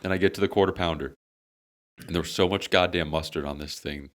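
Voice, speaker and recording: Quick and low-voiced, a young man co-hosting a casual podcast among friends launches into a funny, expletive-heavy story. His storytelling is animated and dramatically comic.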